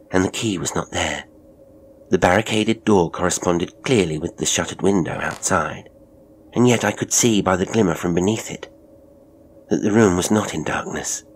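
A man narrating a Victorian story in a measured, grave and deliberate way. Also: deep voice, slight background noise. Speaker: audiobook narrator.

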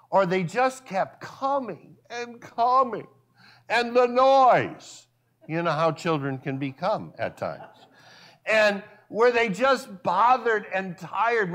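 A male pastor preaching a sermon at a church service, full of rhetorical questions and sudden drops to a hushed voice. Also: high voice.

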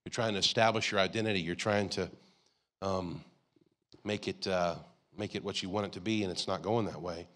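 A man's voice: low-pitched, steady tone, fairly quick, fairly bright tone. Man, pastor, casual sermon, church auditorium, talks to the crowd like a friend. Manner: conversational preaching with frequent "you gotta" and "like".

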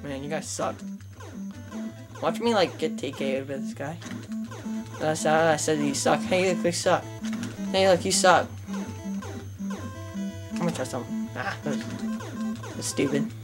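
A young woman giving casual gameplay commentary on her channel, excitable and trash-talking the opponents. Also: sits low, a little slow, long pauses, over loud music. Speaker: gaming channel host.

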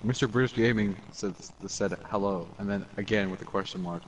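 A young man with a fairly low voice talks into a close headset mic during a gaming session. He is blunt, swears freely, and reads chat messages aloud to his friends. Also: fairly quick, recorded from a distance, a little hiss or hum, poor audio. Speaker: gamer reading chat aloud. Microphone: headset mic close to the face.

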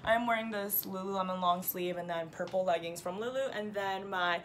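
A woman's voice: mid-range voice, moderate pace, slight background noise. A young American woman vlogging casually to camera, chatty and full of likes and ums, filming herself on a handheld phone. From United States. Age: young adult. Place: dorm room, then walking outdoors around campus.

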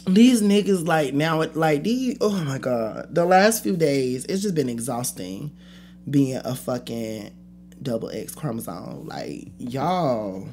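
A woman's voice: rumbling low, slow, a little hiss or hum. Blunt, profane woman ranting on a podcast. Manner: blunt, profane, animated, trails off and restarts. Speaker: podcast host. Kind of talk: casual solo rant.

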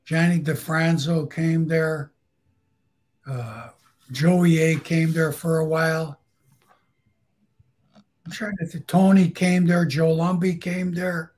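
Husky man telling blunt barbershop stories. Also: fairly high pitch, steady tone, takes it slowly, long pauses, a little mellow. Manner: blunt, swearing, laughs at his own stories. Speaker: guest storyteller. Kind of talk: casual storytelling.

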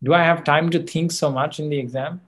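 Man, Australian accent, classroom lecture, emphatic, self-correcting, somewhat high voice. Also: fairly even intonation, a little fast, a bit bright. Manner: emphatic, questioning students often; frequent fillers and self-corrections. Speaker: exam coaching teacher.

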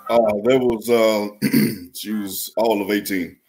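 A man playing a hesitant old inventor at a comedy roast, halting with many fillers. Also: on the low side, steady tone, a little mellow, faint music behind.

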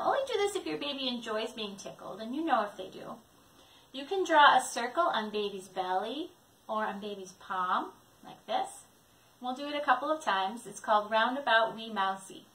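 A woman librarian leading babies and caregivers through songs and rhymes, gentle and encouraging in a sing-song manner. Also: fairly high pitch, lively intonation, moderate pace. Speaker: children's librarian leading baby time. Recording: echoey room, distant mic.

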